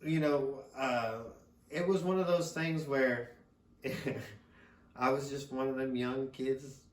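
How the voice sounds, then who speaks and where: A man's voice: medium pitch, steady tone, slow. A middle-aged man, a father, casually telling a rambling story on a podcast, laughing often and swearing freely. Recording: roomy sound from a distant mic.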